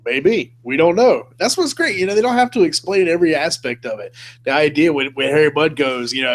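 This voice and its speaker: A laid-back man hosts a casual live-stream chat, laughing often and tossing in "man" and "dude". His voice sits a little higher than most men's. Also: lively intonation, a little fast. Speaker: host.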